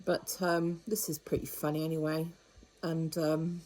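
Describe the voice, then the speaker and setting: A retired woman chatting away to her camera, wry and rambling, with a fairly low, mellow voice. Her tone is relaxed and warm rather than bright. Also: measured pace, slight background noise, low-quality recording. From United Kingdom. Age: older. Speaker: vlogger. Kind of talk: casual monologue.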